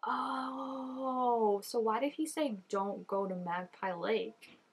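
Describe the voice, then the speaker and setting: A woman's voice: on the high side, slow, breathy edge. A woman reacting to a TV episode in casual commentary, exclaiming, gasping and laughing often at the screen. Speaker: TV show reactor.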